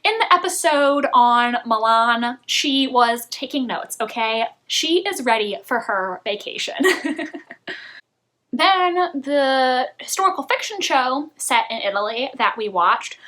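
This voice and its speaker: A woman's voice: a little high, animated, a little slow, few pauses, pushed and bright. A young woman vlogger chatting casually and often laughing as she talks about shows she watched. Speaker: video blogger. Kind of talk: casual chat.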